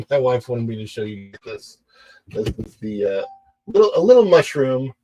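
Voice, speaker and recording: This is a man chatting casually to livestream viewers from home. He rambles, circles back and corrects himself mid-sentence. His pitch sits in an ordinary middle range. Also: big pitch swings, moderate pace, dark tone, muffled recording. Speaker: livestream host.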